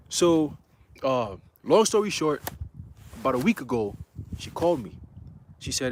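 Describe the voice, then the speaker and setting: Young man telling an excited testimony. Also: mid-range voice, normal speed, long pauses. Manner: casual slang, excited, quotes others in dialogue. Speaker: speaker giving a testimony. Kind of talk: animated storytelling testimony. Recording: noisy recording with clicks.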